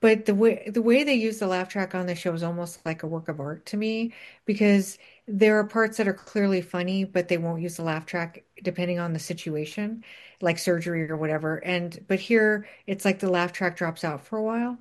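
A woman's voice: on the low side, normal speed. A woman in casual conversation, talking thoughtfully about what she noticed in a television episode. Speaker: podcast co-host. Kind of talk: casual chat.

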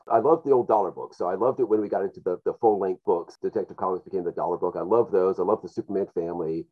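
A man's voice: lowish voice, expressive, husky, dull audio. A man with a nasal voice from a cold, a podcast guest chatting with enthusiasm and frequent restarts. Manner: enthusiastic, quick, restarts often. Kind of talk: casual chat.

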